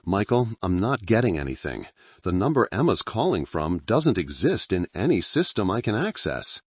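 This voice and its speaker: A man voicing a calm, wary male colleague working with the police, speaking in a measured, careful way. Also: lowish voice, breathy edge, no room sound.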